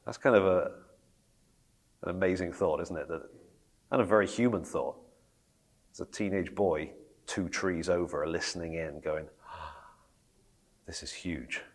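A man's voice: deep voice, normal speed, pauses often. A man teaching a Bible study in a conversational way, reading scripture aloud and asking the group questions.

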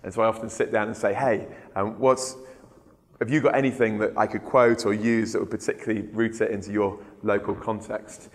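A man giving a relaxed, conversational training talk as an evangelism trainer, with frequent ums and uhs. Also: fairly low pitch. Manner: relaxed, unhurried, filler-laden. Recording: long hall reverb.

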